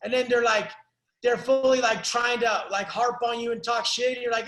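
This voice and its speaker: High-pitched intense male coach. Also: fairly even intonation, moderate pace, fairly bright tone, reverberant, poor audio. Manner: intense, profane, preachy motivational ranting. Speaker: life coach. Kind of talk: coaching call rant.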